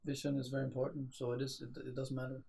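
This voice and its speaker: A man's voice: medium pitch, monotone, fast, gravelly, dark tone. A man in a casual group discussion who speaks hesitantly and trails off often. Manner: hesitant, trails off, lots of fillers. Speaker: co-host.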